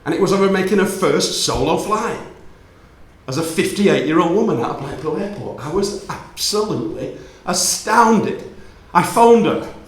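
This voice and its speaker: A man telling a personal story to an audience, playful and animated, acting out the dialogue. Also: high voice, moderate pace. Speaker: speaker giving a talk. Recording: roomy hall reverb.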